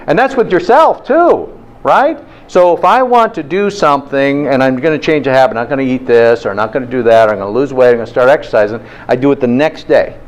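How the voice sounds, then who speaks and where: Speaking briskly at a medium pitch, a man hosts a motivational health talk full of lively stories and rhetorical questions aimed at his listeners. The audio quality is poor.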